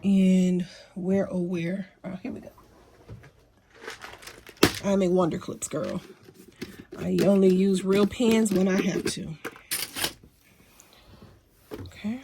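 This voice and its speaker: A woman's voice: mid-range voice, flat delivery, takes it slowly, pauses often, noisy background. A woman hosting a casual sewing tutorial at home, chatty and folksy with apologetic asides, a little sniffly, recorded on a phone by her sewing machine. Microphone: phone mounted near sewing machine.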